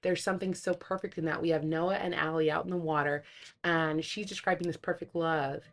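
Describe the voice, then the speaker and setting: A woman's voice: low-pitched, fairly even intonation, fairly quick. A woman co-hosting a casual podcast chat, talking animatedly and quoting movie lines in acted voices. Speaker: podcast co-host.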